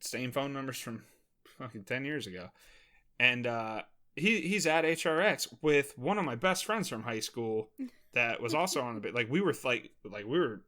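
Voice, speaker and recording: A young man from Maryland, a podcast host, telling animated, profane stories in casual chat and laughing often. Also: medium pitch, moderate pace. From Maryland, USA.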